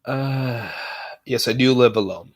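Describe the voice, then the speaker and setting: A man livestreaming, chatting casually with viewers in a halting way, full of fillers and self-corrections. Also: medium pitch. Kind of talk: casual live chat.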